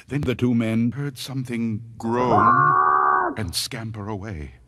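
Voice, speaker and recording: A man telling a comic parody of a scary story in a dramatic, slow storytelling manner. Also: mid-range voice, huge pitch swings, pushed and bright, slight background noise. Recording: music playing behind.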